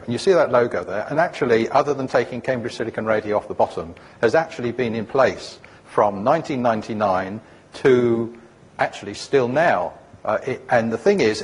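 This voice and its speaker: A man's voice: medium pitch, breathy edge. A man giving a conference talk about founding a company, rambling and anecdotal, full of fillers and restarts.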